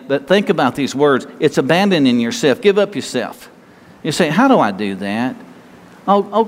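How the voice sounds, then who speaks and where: A man's voice: a little high, in a large hall, a little hiss or hum. A man preaching a sermon as pastor, folksy and conversational, often stammering and restarting.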